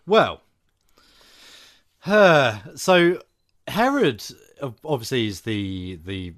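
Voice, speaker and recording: A man in casual film chat, chatty and quick to laugh, often trailing off mid-sentence. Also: medium pitch, very animated, a bit bright, dry recording, studio quality. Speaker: podcast co-host.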